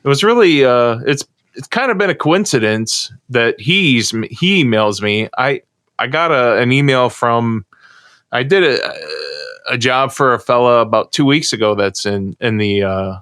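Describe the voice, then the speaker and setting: Middle-aged American podcast co-host, rambling anecdotal chat, crisp and dry. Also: male voice, mid-range voice, moderate pace, fairly bright tone, no room sound. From United States. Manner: rambling storyteller. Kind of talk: casual chat.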